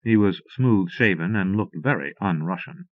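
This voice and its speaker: Man narrating a story, measured read, lowish voice, dry, muffled cassette sound. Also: animated, no echo. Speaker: audiobook narrator. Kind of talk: scripted audiobook narration. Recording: dull lo-fi cassette audiobook.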